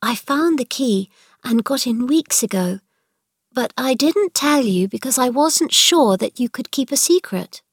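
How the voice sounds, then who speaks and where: A woman reading a storybook voices a sensible young girl with a serious, firm manner. She talks slowly and plainly, with little patience for silliness. The sound is dry and close. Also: high voice, lively intonation, no echo, voice pushed up, full character voice. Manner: firm and matter-of-fact.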